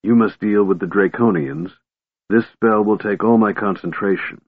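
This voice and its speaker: A man's voice: on the low side, steady tone, moderate pace, no echo, natural voice. A man voicing a cold, aloof young male mage who speaks in clipped commands. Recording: tinny phone-like band, dry.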